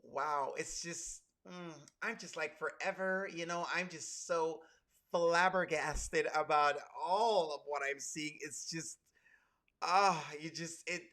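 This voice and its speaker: A man's voice: on the high side, steady tone, slow pace, bright, forceful tone. A man voicing a gushing, condescending young white woman who says "oh my God" constantly. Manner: breathy, gushing, fillers like "oh my God".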